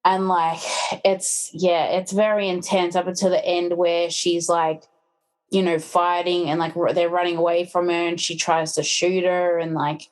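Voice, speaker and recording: A woman's voice: fairly low pitch, little pitch movement, normal speed. A woman guest in casual podcast chat, retelling film plots with many fillers.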